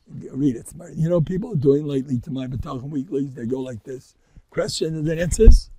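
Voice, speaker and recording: A man's voice: a little high, gravelly, a little mellow, breathy edge, dry recording. An older man, giving an informal, rambling Torah talk as a rabbi, joking and dropping Yiddish and Hebrew words. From Far Rockaway, New York. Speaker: rabbi lecturer.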